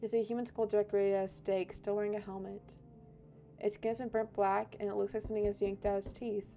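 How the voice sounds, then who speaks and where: A woman streamer playing through a game, reacting offhandedly and reading its text aloud. Her voice is dark and mellow, with gravelly fry at the ends of phrases. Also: mid-range voice, level tone, quick pace, soft background music. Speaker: gaming streamer. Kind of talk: game playthrough commentary.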